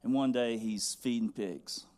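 Slow-paced storytelling preacher, a man. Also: mid-range voice, darkish tone. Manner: conversational storytelling, rising to fervent. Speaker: pastor. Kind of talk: sermon.

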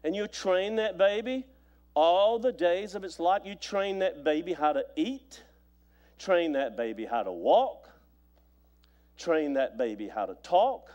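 A man's voice: high-pitched, expressive, measured pace, a little mellow, lo-fi sound. A man preaching a sermon as pastor, telling stories with repeated phrases and stammered restarts.

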